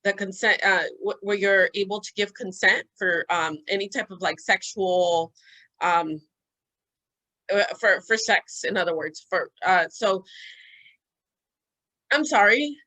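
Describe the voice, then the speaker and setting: Woman, bright tone, casual interview talk, thoughtful, hedging, lots of ums. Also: medium pitch, unhurried, pauses often, rough recording.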